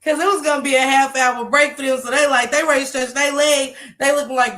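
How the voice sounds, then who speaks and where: A woman on a call, casually telling a story in animated fashion, laughing and swearing. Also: high-pitched, normal speed, hardly any pauses.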